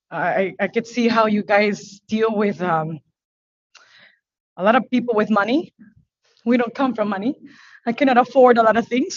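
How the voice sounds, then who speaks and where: A woman speaking English as her second language, a business owner testifying before a board in a halting, earnest, emotional way. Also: on the high side, dry recording, muffled recording. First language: not English. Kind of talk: testimony at a public hearing. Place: hearing room.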